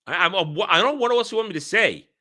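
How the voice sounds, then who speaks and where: A man tears into a film in a blunt, exasperated rant, swearing freely and hammering his points by repeating them. His voice is bright and forceful, sits a little high, and swings up and down in pitch. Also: lively intonation, quick pace. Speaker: film reviewer. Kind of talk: ranting film review.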